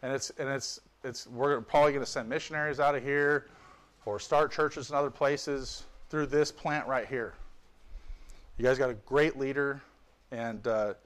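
A man's voice: medium pitch, fairly even intonation, normal speed, clear, resonant tone. A man preaching a sermon with fervor, reading scripture and adding joking asides. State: tired. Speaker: visiting pastor.

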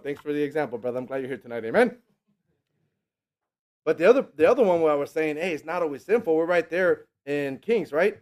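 A man preaching a sermon, animated and jokey, acting out quotes in mocking voices and laughing often. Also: fairly high pitch.

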